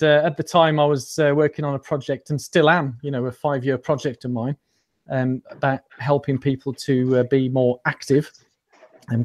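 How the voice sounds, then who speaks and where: In a darkish, mid-range voice, a man who runs as an amateur rambles through his story as an interview guest. It's a casual storytelling chat, self-deprecating and packed with ums and restarts.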